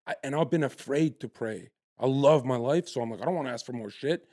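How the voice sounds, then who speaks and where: A young man in his twenties from Canada, telling stories in a brash, profane, animated way as a guest in a casual podcast chat. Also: medium pitch, a little fast, hardly any pauses, no echo, studio quality.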